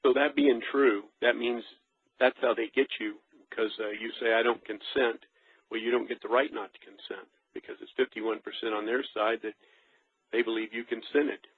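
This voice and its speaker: A man's voice: mid-range voice, steady tone, slightly rough, dry recording. Hesitant man on a dry phone line. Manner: hesitant, halting, with fillers. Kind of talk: casual conversation.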